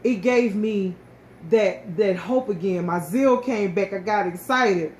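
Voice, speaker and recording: A woman speaks about her own life in a heartfelt, animated way, stumbling over and repeating words as feeling takes over. Her voice carries in a roomy, echoing space with a faint hiss of background noise. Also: medium pitch, unhurried. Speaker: co-host sharing her story. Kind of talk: casual personal storytelling. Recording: echoey room with faint ambient noise.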